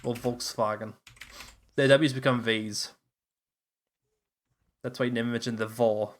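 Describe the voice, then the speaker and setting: Teasing Australian podcast co-host. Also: male voice, medium pitch, steady tone, unhurried. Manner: teasing, laughs often. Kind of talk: casual chat.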